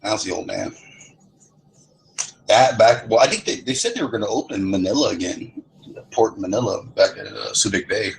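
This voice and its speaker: A man's voice: fairly low pitch, normal speed, vocal fry, pauses often, a little hiss or hum, low-quality recording. A middle-aged man chatting casually, telling rambling stories with a lot of swearing. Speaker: lobby chat participant. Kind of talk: casual chat.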